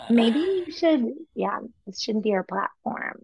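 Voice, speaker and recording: A woman co-hosting a food podcast in casual chat, reacting with quick interjections. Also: on the high side, sing-song, vocal fry, darkish tone, husky, no room sound. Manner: chatty, reacts with short interjections. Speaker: podcast co-host. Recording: dry, dull lo-fi sound.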